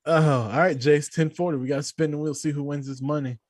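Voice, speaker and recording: A man co-hosting a podcast, excitable and quick to laugh, with a husky voice. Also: on the high side, no echo, studio quality. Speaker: podcast co-host. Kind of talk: casual podcast banter.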